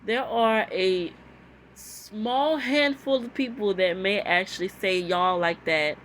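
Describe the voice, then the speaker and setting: A woman's voice: mid-range voice, slow, fairly bright tone, a little hiss or hum. A woman with a Texan accent giving casual reaction commentary in a sassy, unimpressed way. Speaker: reaction video host.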